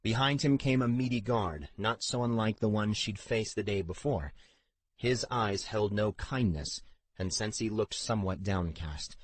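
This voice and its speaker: A male narrator reads a fantasy audiobook in a steady, even storytelling voice. His tone is low with a husky grain, and the recording is dry and close with no room sound. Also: a little slow, no echo. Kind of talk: scripted narration.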